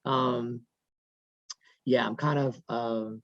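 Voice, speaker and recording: A man's voice: mid-range voice, steady tone, extremely slow, a bit bright, muffled recording. A man working as a mortgage lender, speaking at a workshop over a video call in a conversational, digressive way and repeating himself.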